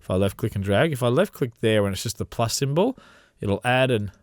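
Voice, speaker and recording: A man's voice: mid-range voice, brisk, dry recording. Man explaining, dry close sound. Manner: relaxed step-by-step explaining with frequent fillers. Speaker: radio trainer. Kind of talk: software tutorial.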